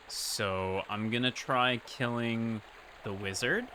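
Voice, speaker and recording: A man streaming a game, casually talking through his play in a relaxed, musing way. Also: medium pitch, slow pace. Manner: relaxed, musing, talks while playing. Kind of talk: casual gameplay commentary. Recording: noticeable background noise.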